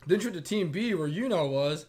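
A man co-hosting a casual chat, retelling a TV episode with lively acted-out quotes. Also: a little high, brisk. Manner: animated retelling, acts out quotes in a raised voice. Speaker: podcast co-host. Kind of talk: casual chat recapping a TV show.

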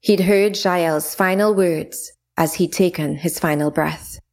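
A woman reading a fantasy novel chapter aloud in a steady, expressive way. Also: on the low side, slow pace. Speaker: narrator. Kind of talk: audiobook narration of a fantasy novel.

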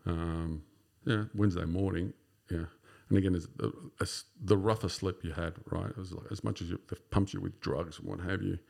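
A man's voice: sits low, steady tone, normal speed, creaky, hardly any pauses, a little mellow. An Australian man in his fifties, a podcast guest telling his own story in a casual, rambling way with many fillers. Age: 50s. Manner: rambling, full of "sort of" and "you know" fillers.

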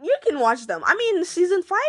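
A woman's voice: very high-pitched, very animated, fairly quick, no room sound, studio quality. A young woman hosting her own podcast, ranting in a casual, slangy, exclamatory way. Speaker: podcast host. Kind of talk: casual solo rant.

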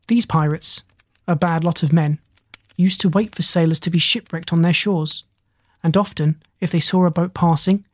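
An audiobook narrator reading a children's adventure story in a steady, measured way. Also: medium pitch, no room sound.

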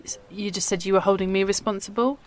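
A woman playing an unbothered talent agency assistant, deadpan and giggly, in a scripted comedy sketch. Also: medium pitch, quick pace, natural voice.

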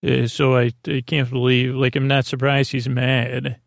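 Flat, gravelly-voiced man rambling. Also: mid-range voice, unhurried, dry recording, studio quality. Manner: rambling, self-correcting, offhand. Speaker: podcast host. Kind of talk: casual episode recap for a sleep podcast.

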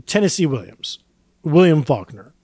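A man co-hosting a casual podcast chat, with a voice pitched well above most men's. The recording is dry and close, with no room sound around him. He talks in a jokey, rambling way, filling gaps with ums and uhs. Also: very animated, normal speed, dark tone, breathy edge, no room sound. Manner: jokey, rambling, with frequent fillers. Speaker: podcast co-host presenting the drink.

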